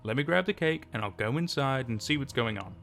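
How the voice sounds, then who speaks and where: A patient middle-aged father, gently calming, in a storybook horror tale, read by a male narrator. His voice sits at a middle pitch with a creaky, gravelly grain. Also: brisk, soft background music.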